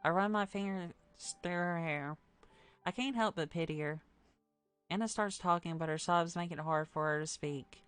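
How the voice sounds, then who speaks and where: A woman with a slightly low voice reads a story game aloud on stream. She narrates plainly and steadily, with faint music under her. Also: normal speed, a bit bright, smooth. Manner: plain storytelling read, with wry asides.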